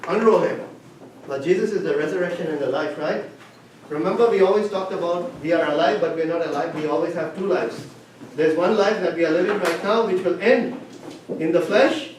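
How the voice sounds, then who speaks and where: A man's voice: high voice, a little mellow. A man teaching a Bible lesson, retelling a story and asking his listeners questions as he goes. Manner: retells stories with questions to the class. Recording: echoey room, far from the mic, faint hiss.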